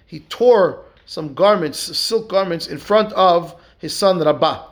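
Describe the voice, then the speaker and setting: A rabbi teaches a Talmud study lesson in a high voice at a measured pace, barely pausing. He reads Aramaic and Hebrew text aloud, then explains it step by step with rhetorical questions, constantly checking in with "right?"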